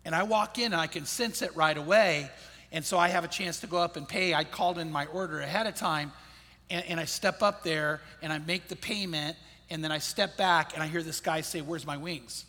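Bright, husky-voiced male pastor in a reverberant hall. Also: a little high, fairly quick. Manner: conversational, storytelling, repeats key phrases. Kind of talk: sermon.

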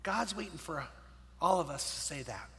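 A man preaching a sermon, dropping to a hushed storytelling voice and rising to loud emphatic preaching. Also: fairly high pitch, expressive, normal speed, creaky, long reverb tail. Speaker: pastor.

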